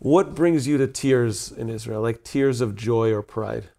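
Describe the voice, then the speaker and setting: A male host asks his guest questions in a loose, friendly conversational manner and laughs readily. His voice has a gravelly fry to it at a middling pitch. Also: unhurried, dark tone. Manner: easygoing, laughs often. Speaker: interviewer. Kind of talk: casual interview chat.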